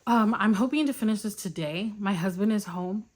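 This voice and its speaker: A woman's voice: medium pitch, brisk. A young woman chatting casually in a reading vlog, gushing and easily delighted. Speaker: book vlogger.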